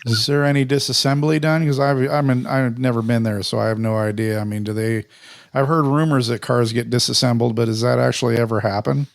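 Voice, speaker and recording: A man's voice: medium pitch, steady tone, fairly quick, creaky, no echo, studio quality. A man co-hosting a podcast, asking curious questions and correcting himself partway through. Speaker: podcast co-host. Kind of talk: casual podcast chat.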